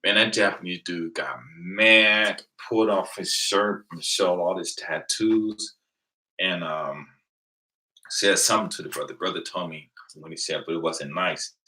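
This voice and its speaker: A man's voice: deep voice, measured pace, bright, forceful tone, low-quality recording. A man from the United States hosting a casual channel, chatting with viewers and telling stories, acting out the exchanges he quotes. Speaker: channel host.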